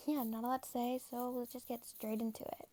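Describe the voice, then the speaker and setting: A woman's voice: fairly high pitch, level tone, moderate pace, mellow. A woman casually reading her own first-person fan fiction aloud. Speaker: fanfiction reader.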